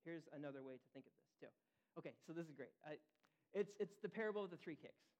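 Guy preaching, talks casual, keeps asking "right?", kinda high voice. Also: expressive, fast talker, a little mellow, muffled recording. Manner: conversational, asks listeners questions. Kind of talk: sermon teaching.

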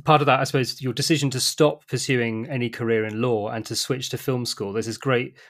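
A man's voice: medium pitch, fairly even intonation, a little fast, a bit bright. Male interviewer, hedging questions. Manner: hedging questions with frequent "sort of" and "I suppose". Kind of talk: conversational interview.

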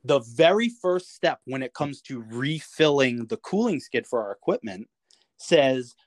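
A man, a navy veteran guest on a podcast, telling a story in a lively, casual way, cursing freely and acting out what others said. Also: mid-range voice, unhurried, dry recording. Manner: animated storyteller, swears freely, acts out quoted lines with chuckles. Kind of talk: casual anecdote told in an interview.

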